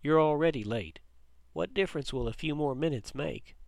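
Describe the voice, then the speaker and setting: A man voicing a soft-spoken ghostly father. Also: a little high, normal speed, creaky, dry recording. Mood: pleading. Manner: soft, pleading, reassuring. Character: gentle protective father's ghost, male.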